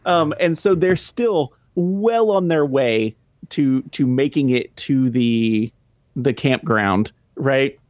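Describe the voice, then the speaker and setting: A man's voice: medium pitch, takes it slowly, darkish tone, no echo, clean studio sound. A man co-hosting a film review podcast, recapping scenes casually and laughing as he talks. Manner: chatty, laughs mid-sentence while recapping. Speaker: podcast co-host.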